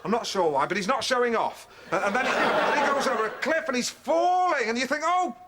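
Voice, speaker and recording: An actor playing a pompous, excitable male TV presenter in a sitcom scene, blustering as he acts out stories and sings along. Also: very high-pitched, a little fast, very noisy. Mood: excited.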